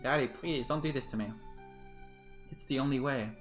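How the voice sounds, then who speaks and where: A young daughter from the future, devoted and pleading, spoken by a man in a plain reading voice. She talks to her father with quiet insistence. Soft game music plays under the voice. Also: medium pitch, moderate pace, lightly acted.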